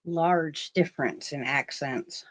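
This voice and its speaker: A woman co-hosting a craft livestream in a friendly, thoughtful, casual chat, warmly welcoming viewers. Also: low voice, slow, no room sound.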